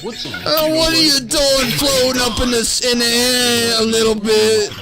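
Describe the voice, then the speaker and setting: A man's voice: extremely high pitch, flat delivery, measured pace, over loud music. A man in an online VR game, joking around with other players in a teasing, over-the-top way. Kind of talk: joking banter.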